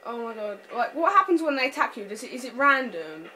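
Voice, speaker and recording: A young woman speaks a little fast in a fairly high, sing-song voice that sounds pushed and bright. She's chatting through a horror game with friends, jumpy and afraid, screaming and laughing nervously, in a noisy home recording.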